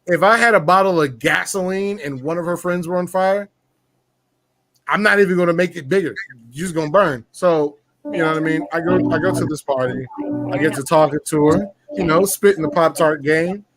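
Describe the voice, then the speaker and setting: A man's voice: on the high side, fairly quick. Brash, boastful storyteller man. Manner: boastful, profane, animated storytelling with slang. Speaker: podcast guest telling a story. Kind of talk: casual chat.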